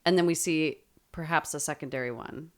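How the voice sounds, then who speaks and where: A woman's voice: deep voice, a little fast. A woman co-hosting a podcast in casual chat, talking freely, laughing often and swearing casually. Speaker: podcast co-host.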